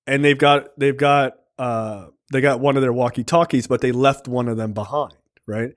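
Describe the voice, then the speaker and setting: A man co-hosting a podcast, retelling a show's plot in casual, animated chat full of swearing and fillers. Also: medium pitch, moderate pace, hardly any pauses. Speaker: podcast co-host.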